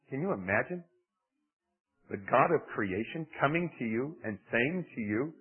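A man preaching a sermon in an animated, conversational way, with dramatic swings in his delivery. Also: mid-range voice, moderate pace, husky. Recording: tinny phone-like radio broadcast.

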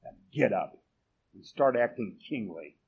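A man's voice: fairly low pitch, lively intonation, unhurried, creaky, muffled recording, a little hiss or hum, voice pushed down. A man voicing a scornful, scheming queen scolding her husband, in a sermon.

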